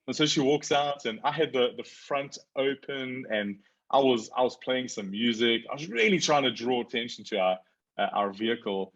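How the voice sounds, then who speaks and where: A man in his forties telling a story as a guest in a casual conversation, lively when he quotes others. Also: medium pitch, moderate pace, dull audio.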